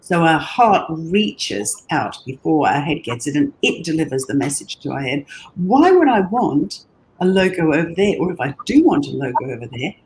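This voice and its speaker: A woman's voice: low voice, big pitch swings, normal speed, a little mellow, slight background noise. A woman talking as an interview guest, telling her story earnestly and enthusiastically, often repeating words as she thinks. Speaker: guest, brand designer.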